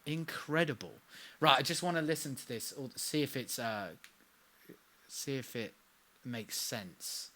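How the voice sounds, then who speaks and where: Livestreaming from a recording session, this young singer-songwriter talks casually at a slightly slow pace, his medium-pitched voice full of lively intonation as he mocks himself in quiet mutters.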